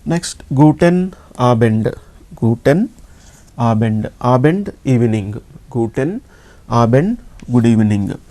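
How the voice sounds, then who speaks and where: A man with an Indian English accent teaches a lesson at a very slow, unhurried pace. His voice is mellow and dark, and he repeats each sound patiently, asking his listeners simple questions as he goes. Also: medium pitch, lively intonation. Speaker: language teacher.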